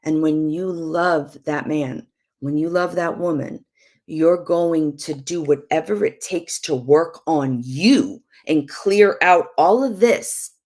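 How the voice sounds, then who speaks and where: A middle-aged woman giving emphatic, preachy marriage advice on a live stream, with soft asides now and then. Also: low-pitched. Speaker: prophetess and show guest.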